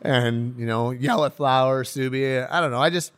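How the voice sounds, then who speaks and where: A young man, a professional hockey player, chatting casually in an interview, excitable and rambling, laughing often. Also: medium pitch, moderate pace, smooth, dry recording. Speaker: pro hockey player guest.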